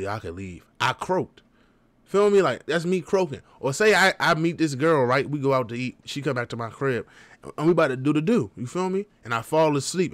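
A man's voice: medium pitch, fairly bright tone, no echo. A young man casually reacting to a rap video and ranking the verses, talking straight to his viewers in loose slang. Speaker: music reaction vlogger.

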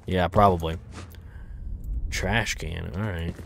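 A man commenting on a horror game playthrough, jumpy and swearing, shouting when startled. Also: sits low, steady tone, slow, creaky. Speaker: gaming video host.

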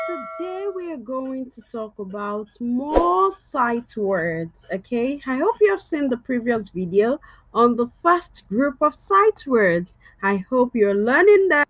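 Bright, lively woman teaching young kids. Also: high-pitched. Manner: sing-song, coaxing, repeats words loudly for kids to echo. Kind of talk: children's reading lesson.

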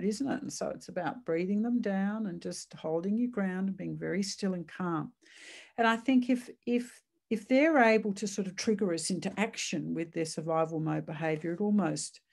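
A woman talks through parenting advice in a loose, chatty way, often restarting her sentences. Her voice is fairly low and has a gravelly fry. She sounds reassuring and speaks as an expert to parents. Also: darkish tone. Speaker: psychiatrist giving a parenting talk. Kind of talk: casual online talk.

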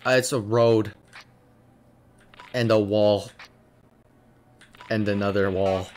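A man's voice: lowish voice, fairly even intonation, takes it slowly, a little mellow. A man gaming online, chatting casually in voice chat with lots of swearing and joking banter. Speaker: gamer playing online.

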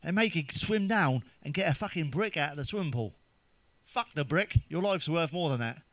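A middle-aged man delivers crude stand-up jokes, swearing freely and chuckling at his own lines. His voice sits a little high for a man and sounds dry and close, with no room echo. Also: expressive, normal speed, a bit bright. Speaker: stand-up comedian.

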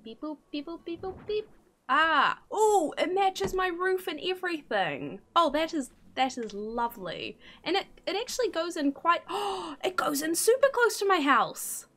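A young woman giving casual, excitable gameplay commentary, gasping and swearing as she plays. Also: extremely high pitch, measured pace, few pauses. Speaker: gaming streamer.

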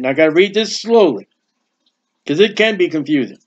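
A high-pitched man preaches through a Bible chapter verse by verse, hammering points with repetition and slipping in quick conversational jokes. The recording is dull and lo-fi, with the top end muffled. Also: expressive.

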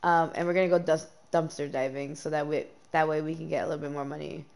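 A young woman streaming a life-sim game, chatting casually with lots of ums and quick bursts of dismay. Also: low-pitched, level tone, vocal fry, a little mellow. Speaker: gameplay streamer. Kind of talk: casual gameplay commentary.

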